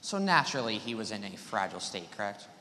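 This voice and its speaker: A man's voice: fairly low pitch, big pitch swings, fast talker, pushed and bright, slight background noise. A teenage boy cross-examining a witness in a mock trial, pressing with leading questions and cutting in for yes-or-no answers. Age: teens. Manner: pressing, cuts in with yes-or-no demands. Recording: echoey room with long reverb.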